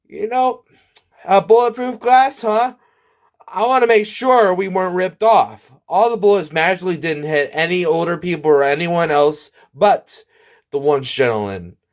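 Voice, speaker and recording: Man, comic storytime monologue, deadpan, rambling, voice pitched a bit high. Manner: deadpan, rambling, with many restarts and asides.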